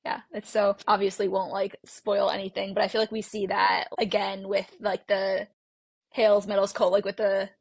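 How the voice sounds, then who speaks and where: A woman's voice: mid-range voice, flat delivery, normal speed, creaky, slightly rough, dry recording. A woman guest on a book podcast, talking casually in a rambling way, full of fillers and restarts. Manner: rambling, heavy use of "like", many restarts.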